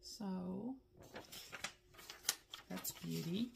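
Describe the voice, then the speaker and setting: A woman's voice: fairly low pitch, drawn-out words, vocal fry, background noise. A middle-aged woman, chatting casually and with animation as the host of her stitching vlog. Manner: chatty and animated, laughs often, says "girl" and "y'all". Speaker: flosstube host.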